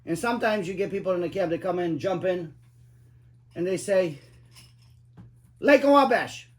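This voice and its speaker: Profane, rambling cab driver storyteller. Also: male voice, high voice, fairly quick, a little mellow. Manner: profane, emphatic, rambling with many fillers. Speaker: cab driver telling stories. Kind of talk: casual storytelling chat.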